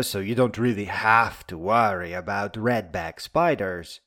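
A man reading a reflective, wry spoken essay in a musing, deliberate way. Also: on the low side, lively intonation, sharp tone. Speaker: essay narrator. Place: Lake Michigan area.

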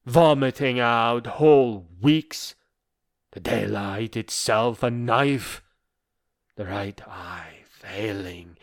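In a smooth, mid-range voice, a man reads a letter aloud as a dying philosopher, proud and embittered. The dramatic monologue is declaimed slowly and deliberately, dripping with bitter scorn.

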